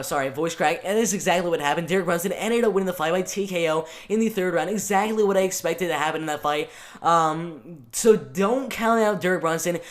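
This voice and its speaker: A young man hosting his own fight-prediction channel, talking casually and excitedly with lots of ums and restarts. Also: sits high. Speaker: MMA channel host.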